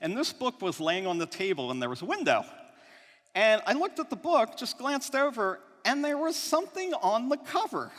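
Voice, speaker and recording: A man gives a lively conference talk in a large hall. His voice sits fairly high and swings widely in pitch, and a long reverb trails each phrase. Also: normal speed. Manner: animated, conversational, often adds "right?". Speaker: conference speaker.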